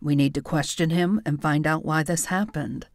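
A woman voicing a determined man who asks questions briskly and matter-of-factly in an audiobook. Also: deep voice, fairly even intonation, gravelly, no echo, clean studio sound, pitched below the performer's own voice. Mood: businesslike.

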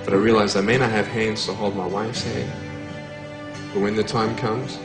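A man's voice: on the low side, fairly even intonation, normal speed, poor audio. Earnest man giving a motivational speech. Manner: earnest, emphatic, with rhetorical questions. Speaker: motivational speaker. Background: background music.

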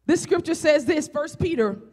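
Woman preacher, Southern country accent, high voice, fervent sermon, shouting rhetorical questions, reverberant church. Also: lively intonation, normal speed. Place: church sanctuary. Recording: echoey church hall.

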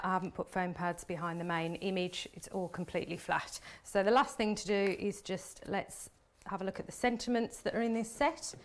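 Chatty woman demonstrating card making. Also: on the low side. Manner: chatty, talks while working with hands. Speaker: craft demonstrator. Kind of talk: live crafting demonstration.

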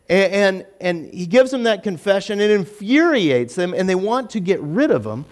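High-voiced man giving a chatty sermon. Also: normal speed, few pauses. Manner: chatty and animated, acts out quoted voices, self-deprecating asides. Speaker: pastor. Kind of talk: casual conversational sermon. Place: church.

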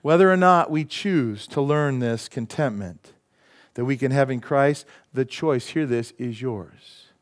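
A male pastor preaching a sermon in a church, rising to loud emphatic peaks and dropping to quiet, earnest lines. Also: medium pitch, measured pace. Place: church sanctuary.

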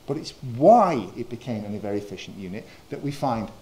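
A man from northern England giving a history lecture, measured and full of small fillers. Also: medium pitch, very animated, warm tone, reverberant. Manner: measured, with frequent uh fillers and quoted passages. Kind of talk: lecture presentation.

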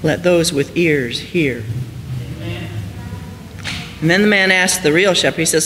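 A man with a high, bright voice preaches a storytelling sermon from the pulpit, swinging between ringing emphasis and hushed, slowed lines. His voice carries a long church-hall reverb with a faint hiss underneath. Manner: storytelling, rises high and loud for emphasis then drops soft and slow. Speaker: pastor. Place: church sanctuary.

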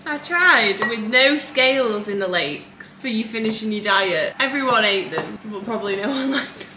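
A young woman with a slightly high voice talks her way through baking in a home kitchen, teasing and giggling. The home-video recording carries clear background noise. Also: expressive, moderate pace, sharp tone, echoey room, rough recording. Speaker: vlogger. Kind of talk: casual chat while baking.

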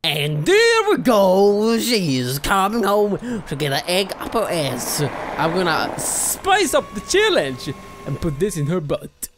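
A woman giving gameplay commentary, excitable, shrieking and swearing often. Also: lowish voice, slow pace, noisy background. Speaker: let's play gamer.

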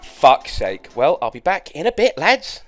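A man's voice: fairly high pitch, huge pitch swings, unhurried, soft background music. A man casually commenting on his gameplay, sarcastic, easily annoyed and swearing a lot. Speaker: let's play gamer.

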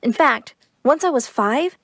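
Woman telling her own cartoon story, earnest, lively pitch, dry sound. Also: a little slow, gravelly, no echo. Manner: earnest first-person storytelling. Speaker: narrator of an animated true story. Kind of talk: scripted story narration.

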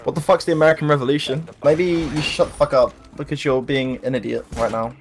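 A man's voice: a little high, fairly even intonation, a little fast, soft background music. A British man on game voice chat, irritable and swearing constantly. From United Kingdom. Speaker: gamer on voice chat. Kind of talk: angry profane voice chat.

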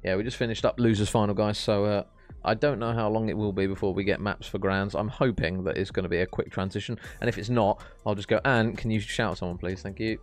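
A man's voice: lowish voice, steady tone, fast talker, faint music behind. A man hosting a live esports stream, casting casually with laid-back, jokey chatter. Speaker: esports caster and stream host. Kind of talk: relaxed live casting and banter.

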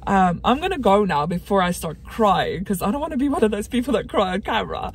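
A woman's voice: medium pitch, sing-song, fairly quick, hardly any pauses, a little hiss or hum. Casual vlogger: young woman, chatty and earnest, mid-range voice, faint room ambience. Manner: chatty, earnest, frequent fillers and restarts. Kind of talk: casual vlog chat.

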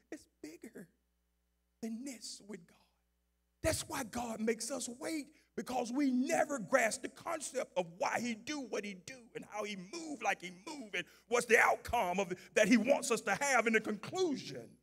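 A man preaching a sermon as pastor, moving from low, conversational talk to shouted, fervent preaching. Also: expressive, unhurried, pauses often, slightly rough.

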